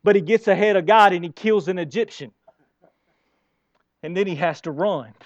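A man preaching a sermon, telling the story in a conversational way and swinging between hushed and loud, emphatic passages. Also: high-pitched, normal speed, dry recording, highs cut off. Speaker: pastor. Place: church.

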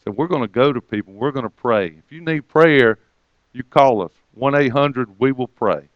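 A man delivers a sermon as a story, quoting others by pitching his voice higher. His voice is smooth and clear. The recording is dry and a little dull. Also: moderate pace, no echo. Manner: retells conversations, quoting others with rising pitch. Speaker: preacher.

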